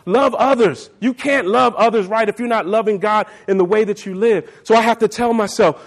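High-voiced preacher, impassioned. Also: male voice, normal speed, few pauses. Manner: impassioned preaching, rising to shouts. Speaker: pastor. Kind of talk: sermon.

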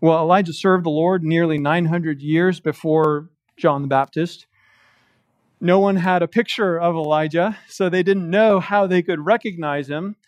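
A man preaching an expository sermon as pastor, slowing down to stress quoted scripture. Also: a little high, no echo. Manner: emphatic preaching with slow, stressed quotations of scripture. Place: church.

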